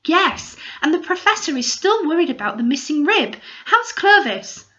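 A woman's voice: sits high, very animated, normal speed, bright, forceful tone, voice pushed up, heavily acted. A woman voicing a determined, proud young girl, speaking eagerly in a slightly dull recording.

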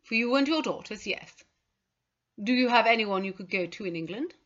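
A woman playing a smart young English official who speaks politely and tactfully. The storybook voice is bright over slightly dull audio. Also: a little high, animated, normal speed. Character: polite young English consular assistant, male.

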